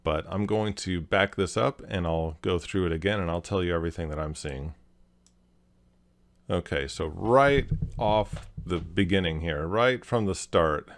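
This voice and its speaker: A man hosting a video, calmly analyzing a clip and explaining each point step by step. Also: deep voice, measured pace. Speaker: host, body language analyst.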